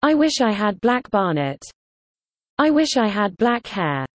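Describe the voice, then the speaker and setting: A woman reading example sentences for a slang lesson with a lively, bouncy delivery. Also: mid-range voice, measured pace, no echo. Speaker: teacher.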